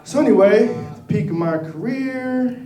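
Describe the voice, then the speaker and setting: A man doing a stand-up comedy set, telling stories in a profane, animated way. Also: high voice, measured pace. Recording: echoey room, distant mic.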